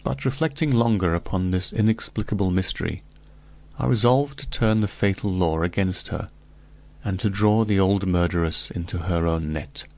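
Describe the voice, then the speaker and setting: A man reading a classic tale in the first person, measured and grave. His voice sits very low with a gravelly, creaky texture throughout. The delivery is steady and deliberate. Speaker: audiobook narrator. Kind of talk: first-person storybook narration.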